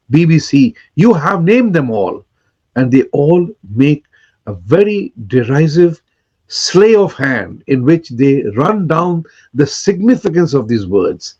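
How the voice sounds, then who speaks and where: Man, host, husky and animated, insistent delivery with restarts, muffled lo-fi recording. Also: fairly high pitch. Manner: emphatic, insistent, with repeated words and restarts. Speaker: commentator and host. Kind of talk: impassioned talk to camera. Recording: dull lo-fi sound.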